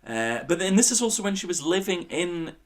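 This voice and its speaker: A man's voice: sits high, big pitch swings, brisk, a loud crowd. A man hosting a podcast in casual chat, playful and enthusiastic, stretching words for emphasis. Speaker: podcast host.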